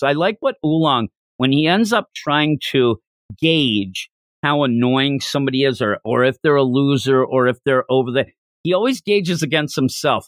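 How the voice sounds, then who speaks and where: A man's voice: medium pitch, normal speed, no echo. A man hosting a manga podcast, talking casually and rambling while acting out lines. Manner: rambling, animated, acts out quotes. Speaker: podcast host.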